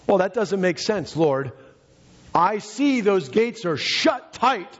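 A man's voice: sits high, sing-song, slow pace. A male pastor preaching a fervent, emphatic sermon in a church, often repeating his phrases for emphasis. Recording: reverberant hall, dull lo-fi sound.

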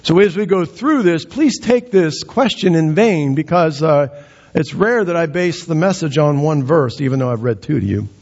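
A man preaching a sermon as pastor, rising in pitch to act out quoted lines with dramatic emphasis. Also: lively intonation, moderate pace, darkish tone. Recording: dull, muffled sound.

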